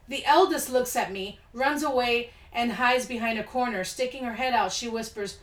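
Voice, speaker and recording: A woman's voice: fairly high pitch, normal speed, few pauses. A woman hosting a casual podcast, reading listener stories aloud and reacting with blunt, laid-back asides. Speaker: podcast host. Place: home studio room. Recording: echoey room.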